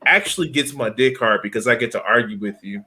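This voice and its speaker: A man's voice: medium pitch, fast. A man, a guest YouTuber, telling boastful stories in a casual chat and laughing often. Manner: animated, boastful storytelling with laughs.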